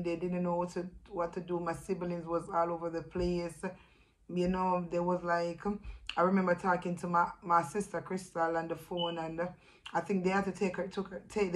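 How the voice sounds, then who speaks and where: Halting Jamaican woman telling a sad story. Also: fairly low pitch, poor audio. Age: adult with a young son. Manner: halting, emotional, with many restarts. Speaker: vlogger. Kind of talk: personal storytelling vlog.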